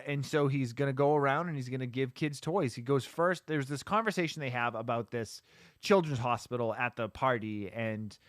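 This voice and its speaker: A man co-hosting a podcast, casually recapping a movie plot in a rambling, animated way with lots of "like" and restarts. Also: medium pitch, no echo, studio quality. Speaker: podcast co-host.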